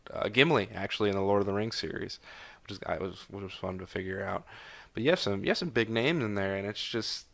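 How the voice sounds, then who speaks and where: A man's voice: on the low side, a bit bright, clear, resonant tone. A tired man in his twenties hosting a casual solo podcast, rambling with lots of fillers and self-corrections. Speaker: podcast host. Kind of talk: casual solo review chat.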